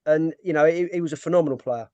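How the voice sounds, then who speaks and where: A man hosting a podcast who talks in a reflective, halting way. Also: a little high, warm tone, dry recording. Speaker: podcast host. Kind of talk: casual chat.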